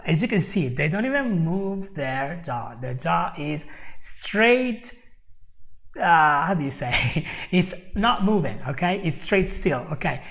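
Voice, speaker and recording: A man's voice: on the high side, big pitch swings, slow, creaky, fairly bright tone. A man teaching English in a live-stream lesson, chatty, checking in with "okay?" and repeating words as he goes. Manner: repeats words while finding them.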